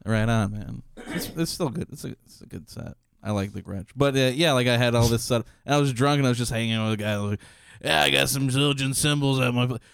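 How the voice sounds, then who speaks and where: A man's voice: mid-range voice, animated, quick pace, vocal fry, hardly any pauses, clear, resonant tone, no echo, studio quality. A male podcast host chatting casually, cracking jokes and swearing in a laid-back way.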